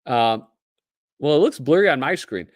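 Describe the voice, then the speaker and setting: A man's voice: mid-range voice, animated, normal speed, no echo, clean studio sound. A man with a Midwestern American accent, hosting a casual livestream, chatty and joking as he reads aloud. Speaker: host.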